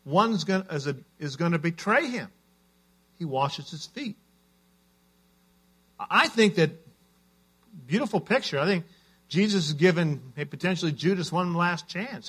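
A man's voice: fairly high pitch, animated, unhurried, pauses often, fairly bright tone, husky. A man preaching a sermon as a pastor, telling stories in an earnest way.

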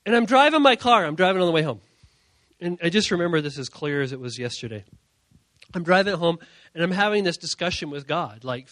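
A young man preaches as a youth pastor in storytelling mode. His voice sits high and bright, and he swings between quiet asides and loud, excited bursts. The sound is close and dry. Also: fairly quick, no room sound. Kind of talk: sermon storytelling.

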